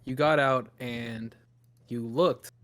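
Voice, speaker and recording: A man's voice: medium pitch, fairly even intonation, slow, a bit bright. Man improvising as game master. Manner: loose, improvised storytelling with fillers. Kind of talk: narrating a tabletop game.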